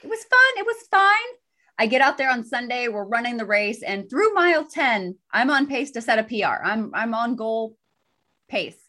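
A woman co-hosting a podcast, telling a personal story in casual chat with a lively, self-deprecating manner. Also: a little high, normal speed. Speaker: podcast co-host.

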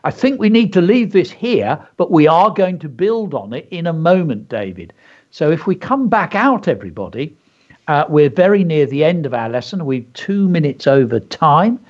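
A man's voice: on the high side, big pitch swings, normal speed, a little mellow. A man hosting a children's radio lesson, reading his story aloud with enthusiastic, chatty asides. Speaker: teacher and radio show host. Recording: dull lo-fi radio audio.

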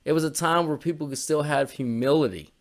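A man's voice: fairly high pitch, fairly quick. A man co-hosting a podcast, rambling in casual chat and swearing a lot. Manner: rambling, swears often, drawls. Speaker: podcast co-host.

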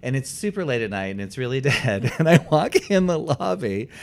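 A man's voice: medium pitch, very animated, brisk, gravelly. A man telling a personal story in casual chat, theatrical and laughing often as he goes. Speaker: guest storyteller.

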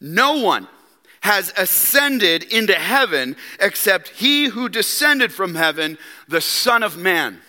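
A man with a high, very bright and forceful voice preaches a sermon in a church, heard through a long hall reverb. He drives his points with rhetorical questions and acts out quoted lines in character. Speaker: pastor. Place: church sanctuary.

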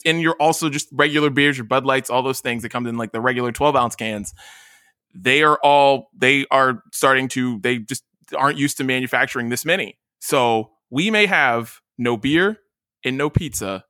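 A man's voice: medium pitch, sharp tone, no room sound, clean studio sound. A man co-hosting a podcast over a video call, presenting news in a mock-serious, casual way. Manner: mock-serious, newsy delivery. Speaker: podcast co-host. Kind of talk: casual chat.

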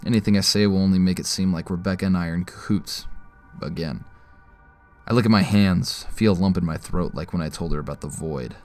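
A man's voice: sits low, fairly quick, darkish tone, soft background music. A man narrating an audio drama in the first person, with a wry, tense inner-monologue delivery.

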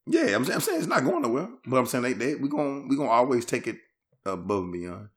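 A man's voice: medium pitch, very animated, fast talker. A young man in casual podcast chat who laughs often and teases back playfully. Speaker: podcast co-host.

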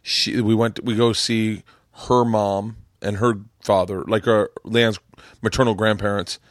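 A man's voice: fairly low pitch, little pitch movement, measured pace, no echo, studio quality. A man hosting a podcast, telling stories in casual chat, swearing often and acting out the people in them. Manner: profane, storytelling, does voices in quotes. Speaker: podcast host. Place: home studio room.

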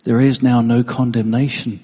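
A man's voice: mid-range voice, little pitch movement, normal speed, dark tone, husky. An earnest male preacher delivering a Sunday sermon, his voice moved and emotional. He often repeats a word or two as he presses a point home. The sound carries a long reverb from a big church hall. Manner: earnest, repeats words when emphasising.

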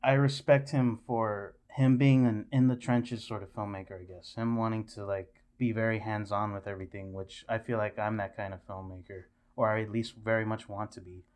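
A man's voice: lowish voice, steady tone, moderate pace, hardly any pauses, darkish tone, clear, resonant tone. A man chatting as a guest on a film podcast, rambling and hedging with lots of fillers. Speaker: guest filmmaker. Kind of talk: casual podcast chat.

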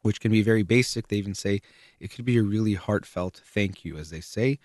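A man calmly explaining ideas step by step in a measured way, with occasional fillers. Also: lowish voice, no echo, studio quality. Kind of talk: explanatory talk on relationships.

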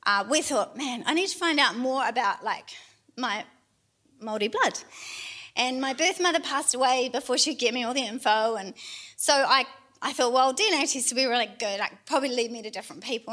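A woman's voice: fairly high pitch, sharp tone. A middle-aged woman pastor, telling a personal testimony in a chatty, self-deprecating way with laughing asides. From New Zealand.

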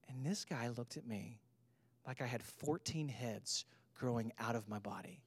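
A man's voice: medium pitch, measured pace. A man in his thirties, a pastor giving a sermon, telling a personal story with humor and rising to emphatic points.

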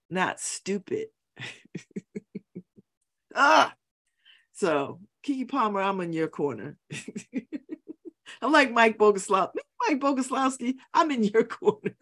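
A middle-aged woman hosting a talk radio show, giving an opinionated monologue and repeating her points for emphasis. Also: deep voice. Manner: emphatic, repeats phrases for effect, preachy. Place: radio studio.

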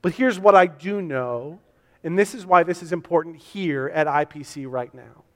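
High-voiced preaching man in a reverberant church. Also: normal speed. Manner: earnest, repetitive preaching with quoted questions. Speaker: pastor. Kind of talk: sermon. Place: church sanctuary. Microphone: to a camera for online viewers. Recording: long hall reverb.

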